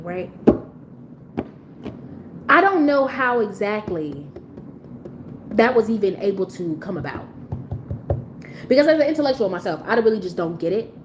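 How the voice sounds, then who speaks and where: A woman's voice: mid-range voice, slight background noise, poor audio. A woman giving a blunt, profane commentary rant on a live stream, talking in an incredulous tone.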